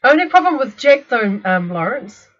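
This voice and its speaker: A woman's voice: a little high, big pitch swings, moderate pace, muffled recording. A woman co-hosting a casual livestream chat, laughing easily and backing up her co-host. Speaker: podcast co-host.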